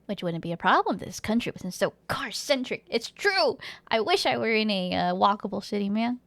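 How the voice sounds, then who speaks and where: A woman's voice: mid-range voice, animated, normal speed, creaky, fairly bright tone, dry recording. A woman streamer chatting casually with her viewers in a rambling, giggly way, reading chat aloud and humming now and then.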